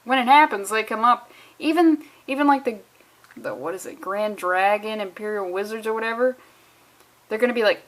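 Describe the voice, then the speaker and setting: A woman's voice: a little high, moderate pace, fairly bright tone. Sarcastic, profane woman reviewing comics. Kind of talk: casual commentary vlog.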